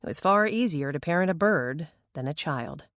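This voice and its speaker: Dry, even audiobook narrator. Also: female voice, sits low, moderate pace, no room sound.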